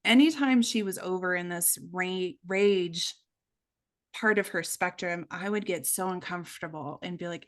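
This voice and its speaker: A woman's voice: lowish voice, normal speed. A middle-aged woman speaking as a podcast guest, telling a candid personal story in an earnest way and acting out the voices she quotes. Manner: earnest, acts out quoted voices, many fillers.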